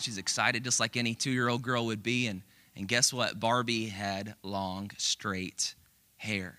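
A man preaching a sermon to a church congregation, telling a story in an earnest, animated, conversational way. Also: medium pitch. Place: church auditorium with screen.

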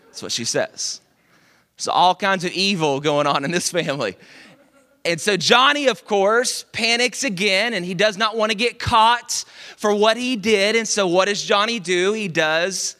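A man preaching a sermon, telling a story in a lively, conversational way with dramatic pauses. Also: high voice. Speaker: pastor.

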